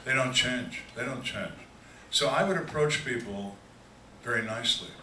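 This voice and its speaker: A man's voice: mid-range voice, moderate pace, sharp tone, slight background noise. An older man, a retired detective, speaking plainly to an audience at a question-and-answer session. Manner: dry, plainspoken storyteller acting out quoted voices. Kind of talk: storytelling Q&A talk. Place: large hall on a cruise ship. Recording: echoey hall from far off.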